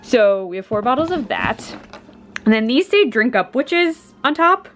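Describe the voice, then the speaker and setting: A woman chatting casually to camera in her home kitchen, talking through her week, excitable and prone to squealing when something delights her. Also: on the high side, unhurried, soft background music. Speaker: vlogger.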